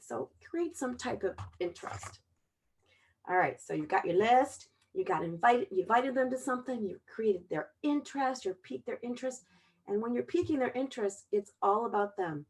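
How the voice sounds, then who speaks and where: A middle-aged woman with a drawl leads a relaxed sales training session. She talks in a chatty, conversational way at a medium pitch. She keeps tagging her points with a quick "okay?". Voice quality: chatty, repeats "okay?" often. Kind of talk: casual training talk.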